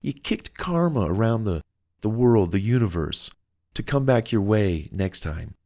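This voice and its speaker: A man talks through his self-help audiobook in an upbeat, conversational coaching tone. His voice sits fairly low, and he speaks as if chatting straight to the listener. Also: sing-song, measured pace, a little mellow. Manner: conversational, acts out quoted phone calls. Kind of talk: motivational audiobook talk.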